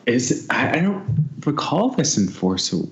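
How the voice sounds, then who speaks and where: A man co-hosting a podcast in casual chat, apologetic and excitable, laughing often. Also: medium pitch, measured pace. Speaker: podcast co-host. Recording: echoey room.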